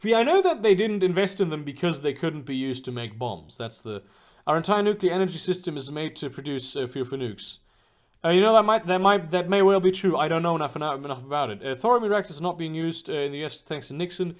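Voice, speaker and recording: A young man talks loosely through viewer questions on his stream, his pitch rising and falling a lot as he goes. He rambles, restarts his sentences, fills gaps with "uh" and "like", and swears freely. His voice sits a little above the usual for a man. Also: expressive, fast talker. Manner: rambling, profane, with many fillers and restarts. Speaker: streamer answering chat. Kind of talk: casual livestream chat.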